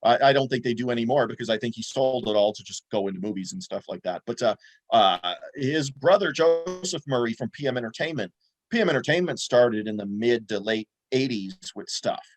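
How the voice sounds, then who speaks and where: A man's voice: medium pitch, expressive, fairly quick. A man co-hosting a movie podcast, rambling casually with lots of fillers and restarts. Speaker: podcast co-host.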